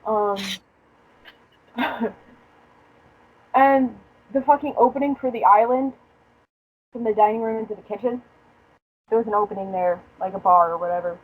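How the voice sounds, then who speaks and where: A woman's voice: on the high side, steady tone, moderate pace, pauses often, breathy edge, narrow, tinny audio. A young woman hosting a podcast, telling a casual story in a profane, joking way and laughing often. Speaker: podcast host. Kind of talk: casual chat.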